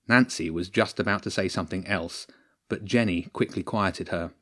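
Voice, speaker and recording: Low-voiced male storybook narrator. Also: moderate pace, pushed and bright.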